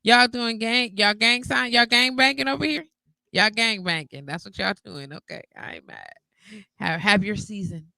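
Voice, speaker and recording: A woman's voice: mid-range voice, normal speed, creaky, bright, forceful tone, dry recording. A woman hosting a late-night radio talk show in a playful, teasing way, laughing often. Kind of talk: casual chat.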